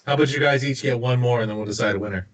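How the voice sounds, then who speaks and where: A man's voice: mid-range voice, very fast, far from the mic. A man hosting a comedy podcast game, steering the rounds and laughing along. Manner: wrapping up rounds, laughing, hedging. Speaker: podcast host running the game. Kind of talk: improv comedy banter.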